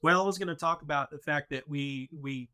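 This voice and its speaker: A man's voice: on the high side, fairly quick, bright, forceful tone, clear, resonant tone. A man who heads a mission organization, appearing as a podcast guest and patiently explaining how things are planned, step by step. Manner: explanatory, walks through plans step by step. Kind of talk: casual podcast conversation.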